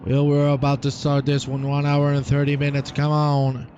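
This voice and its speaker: A man giving live sim racing commentary, teasing and cheering the drivers on in an excited, hyped way. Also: a little high, moderate pace, dull audio, slight background noise.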